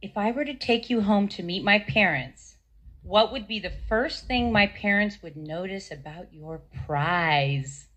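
A woman's voice: mid-range voice, unhurried, fairly bright tone, lo-fi sound. A woman contestant on a game show, giggly and cheerful.

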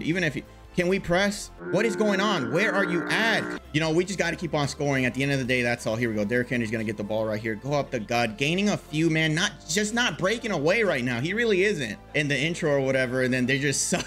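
A man commentating his own video game match, casual and full of slang, muttering one moment and yelling the next. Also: mid-range voice. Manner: animated, swings from muttering to loud outbursts, casual slang. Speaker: gaming YouTuber. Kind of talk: excited live gameplay commentary.

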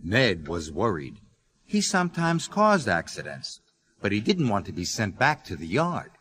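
A man narrating a children's story in an expressive, lively reading voice. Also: fairly low pitch, unhurried. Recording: music under the voice.

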